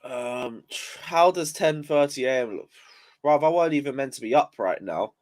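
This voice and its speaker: A man's voice: mid-range voice, lively intonation, moderate pace, darkish tone. A young man ranting on a casual football live stream, just woken up and yawning, swearing in frustration as he reads chat aloud. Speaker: football livestreamer.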